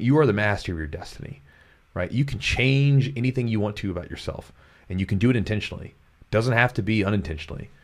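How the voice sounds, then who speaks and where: A man from Kentucky hosting a podcast, talking in an earnest, motivational way and often repeating himself. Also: lowish voice. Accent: neutral American, former Kentucky twang trained away. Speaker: podcast host, jiu-jitsu coach. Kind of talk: casual podcast chat.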